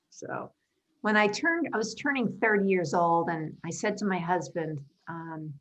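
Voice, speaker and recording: Thoughtful woman guest, slightly low voice. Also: normal speed, rough recording. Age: 50s. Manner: thoughtful, earnest, explains at length. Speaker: interview guest, designer and karate black belt. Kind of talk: conversational interview answers.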